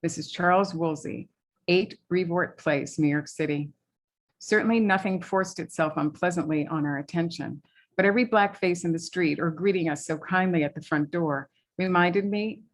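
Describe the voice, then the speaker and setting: A woman author from New England, reading passages from her novel at a library event, with hesitant remarks between readings. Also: fairly low pitch.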